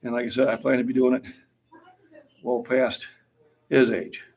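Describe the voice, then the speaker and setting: Gravelly middle-aged gym host. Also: male voice, mid-range voice, normal speed, low-quality recording. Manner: relaxed, talkative, reads chat aloud. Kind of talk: casual chat on a livestream.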